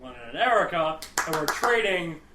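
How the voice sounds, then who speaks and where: A man's voice: fairly high pitch, very animated, normal speed, background noise. A man co-hosting a podcast, telling rambling stories and swearing freely in casual chat. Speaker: podcast co-host. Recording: echoey room.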